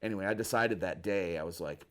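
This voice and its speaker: Deep-voiced guy from michigan, laid back storyteller, slangy, acts out other people's lines. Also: fast. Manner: animated, acts out quoted people with a raised voice, casual slang. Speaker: guest musician, bass player. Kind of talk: casual storytelling in an interview.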